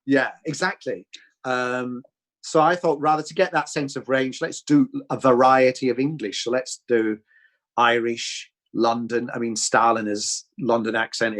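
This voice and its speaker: A man's voice: mid-range voice, a bit bright. A man, a film director, talking through his process in a thoughtful, rambling way with many restarts. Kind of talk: reflective Q&A chat.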